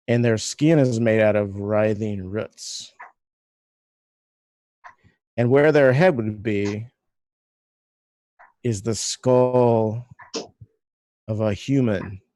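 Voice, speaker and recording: A man narrating eerie scenes as game master with many pauses and fillers. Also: on the low side, a little mellow, no room sound.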